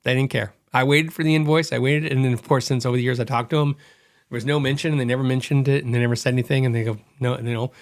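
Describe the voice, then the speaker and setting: A middle-aged man hosting a podcast, telling a story in a chatty, animated way and acting out quoted dialogue. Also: mid-range voice, quick pace. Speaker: podcast host. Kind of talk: casual storytelling monologue.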